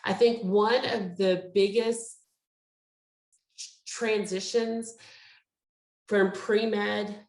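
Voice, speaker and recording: A woman's voice: medium pitch, reverberant, rough recording. A woman presenting a medical school program in a chatty, explanatory way with plenty of fillers, speaking on a video call. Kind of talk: virtual info session talk.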